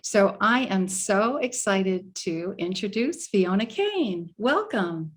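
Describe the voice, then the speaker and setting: A woman's voice: mid-range voice, big pitch swings, takes it slowly. A woman hosting an interview show, a life coach with an enthusiastic, effusive way of talking.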